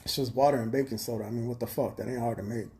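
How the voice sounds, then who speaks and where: A man talks straight into his phone on a livestream. His voice is mellow and dark-toned. He rambles bluntly and swears freely in a streetwise way. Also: mid-range voice, steady tone, racing. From Chicago. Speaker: livestream host. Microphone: phone camera.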